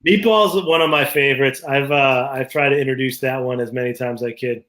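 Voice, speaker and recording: A man's voice: mid-range voice, a little fast, a bit bright. A man co-hosting a casual talk show, easygoing and telling personal stories. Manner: easygoing, tells anecdotes. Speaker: podcast co-host. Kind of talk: casual chat.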